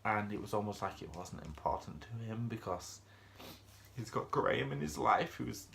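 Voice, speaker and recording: A man's voice: on the low side, normal speed, creaky, fairly bright tone, a little hiss or hum. A man giving a casual, unscripted review of a TV episode, chatty and rambling, with lots of fillers and restarts.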